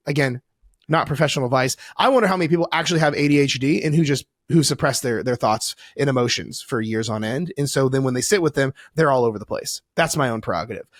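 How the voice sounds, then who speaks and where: A man talking as a weight loss coach guest on a podcast, animated and profane, acting out little voices as he explains. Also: a little high, dry recording, clean studio sound. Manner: animated, swearing, acts out voices. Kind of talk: casual podcast conversation.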